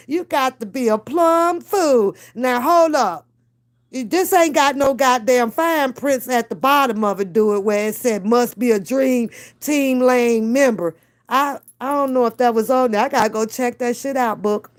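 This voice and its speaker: A woman's voice: a little high, measured pace. A woman talking casually on a live stream, blunt and heavily profane, joking and laughing often. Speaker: reaction streamer.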